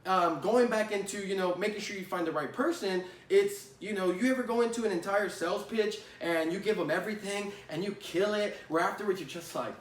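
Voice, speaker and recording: A man's voice: high voice, brisk, few pauses. A man giving a casual spoken lesson on sales calls, talking conversationally, repeating his points and often asking "right?". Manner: conversational, repeats phrases, many "right?" tags. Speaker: sales trainer. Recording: roomy echo, distant from the mic.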